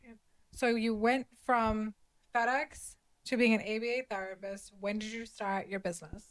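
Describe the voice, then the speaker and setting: A woman's voice: a little high, steady tone, normal speed, no room sound. Chatty woman hosting a podcast. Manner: chatty, playful and curious. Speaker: podcast host. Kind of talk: casual interview chat.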